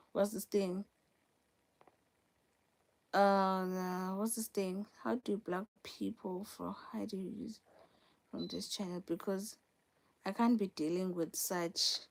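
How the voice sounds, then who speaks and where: A woman's voice: mid-range voice, takes it slowly, creaky, pauses often. Young woman host, mid-range voice, chatty live-stream delivery with emphatic repeats. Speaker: livestream host. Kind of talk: casual live-stream chat.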